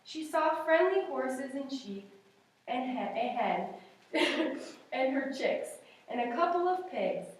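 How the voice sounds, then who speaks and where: A woman's voice: sits high, big pitch swings, slow. A young woman teaching a class, reading a picture book aloud in an encouraging, sing-song way. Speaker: student teacher. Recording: echoey room, far from mic.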